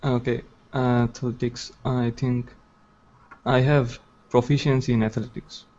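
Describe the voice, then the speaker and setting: A man speaking as a player in a tabletop game, hesitant and halting in his phrasing. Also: mid-range voice, flat delivery, a little mellow, lo-fi sound. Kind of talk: casual tabletop play.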